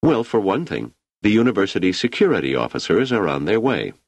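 A man's voice: fairly low pitch, sing-song, brisk, no echo, voice pushed up. A man doing a firm, formal middle-aged professor. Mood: commanding. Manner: formal, authoritative.

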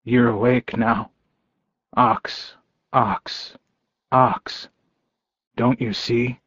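A man voicing a grown young male werewolf alpha who speaks softly and in a pained hush. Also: medium pitch, level tone, extremely slow, no room sound, muffled recording. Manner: hushed, soft-spoken.

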